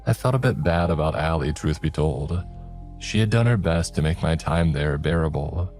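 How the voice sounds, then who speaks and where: A man narrating a first-person horror story in a measured, low-key way. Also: animated, darkish tone, soft background music.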